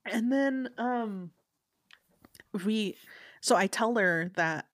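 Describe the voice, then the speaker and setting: A woman's voice: drawn-out words, dry recording. A woman co-hosting a podcast, telling stories in casual chat and acting out the people in them. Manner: animated storyteller, mimics people with a raised pitch. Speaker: podcast co-host.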